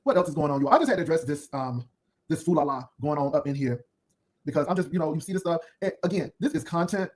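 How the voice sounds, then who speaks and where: A man with a notably high voice rattles off sassy, cutting commentary at a breakneck clip. He rambles from one put-down to the next as he hosts his own video. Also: fast talker, a little mellow. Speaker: YouTube commentary host. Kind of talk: unscripted drama commentary.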